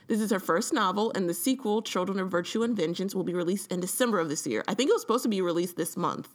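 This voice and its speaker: A woman's voice: mid-range voice, fast talker. A woman co-hosting a podcast, talking casually about a book and leaning on "like" a lot. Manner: chatty, lots of "like", laughs often. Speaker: podcast co-host. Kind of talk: casual book-club chat.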